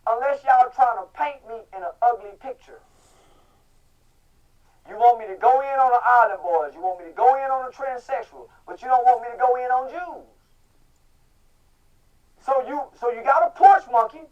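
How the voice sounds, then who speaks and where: A middle-aged man from Texas, talking loudly in a casual interview and breaking into shouts. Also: very high-pitched, normal speed, pauses often. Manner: loud, profane, bursts into shouting. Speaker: guest. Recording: muffled audio from a distant mic.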